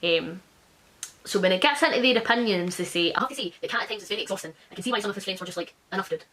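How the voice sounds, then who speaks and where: A woman book reviewer in a casual vlog, blunt, sarcastic and sweary, who reads quoted reviews out fast and quietly. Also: medium pitch, expressive, slight background noise.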